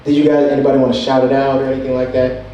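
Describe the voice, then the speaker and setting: A man's voice: mid-range voice, monotone, racing, warm tone, muffled recording, a little hiss or hum. A man with a New Jersey accent doing a stand-up set, laid-back, chuckling between lines. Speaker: stand-up comic. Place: comedy club with audience. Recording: echoey club recorded from far off.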